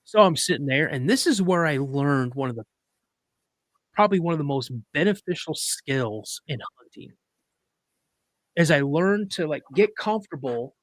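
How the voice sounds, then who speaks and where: A man guesting on a podcast tells a story in a lively, casual way, acting out quotes and restarting phrases as he goes. His voice is a little high for a man. The recording is dry, with no room sound. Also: no room sound. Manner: animated, vivid retelling with acted quotes; rambling with restarts.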